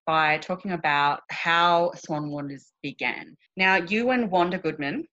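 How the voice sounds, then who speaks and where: A woman's voice: fairly low pitch, measured pace, sharp tone, dull audio. A woman interviewing a guest in a playful, bubbly, casual manner. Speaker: podcast interviewer.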